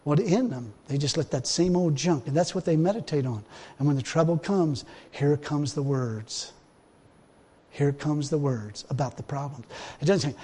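A man preaching a folksy, emphatic sermon, swinging between loud exhortation and quiet asides, often laughing. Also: on the high side, moderate pace, breathy edge. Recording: long reverb of a hall.

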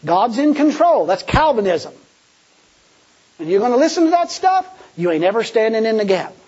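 A man's voice: extremely high pitch, sing-song, moderate pace, a little mellow, slightly rough, highs cut off. A male preacher giving a folksy sermon, talking colloquially and acting out the pleas he quotes. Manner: colloquial, laughs at own jokes, acts out quoted pleas.

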